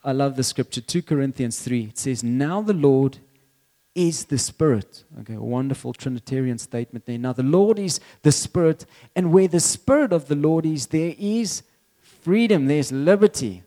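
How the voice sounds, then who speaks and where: A middle-aged man gives a sermon from the pulpit in a loose, conversational way. His voice sits a little high for a man, yet it sounds mellow and dark. He stumbles over repeated words and lets out small laughs. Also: expressive, normal speed. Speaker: pastor.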